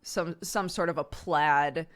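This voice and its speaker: A woman's voice: low-pitched, slow. An American woman in her thirties, a streamer chatting casually with viewers, laughing often and filling her talk with "like.".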